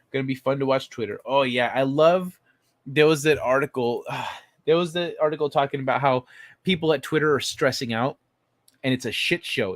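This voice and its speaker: A man in his own casual livestream voice, neither high nor low, riffing on chat messages with blunt, profane remarks. The sound is close and dry, with no room echo. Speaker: livestream host reading chat.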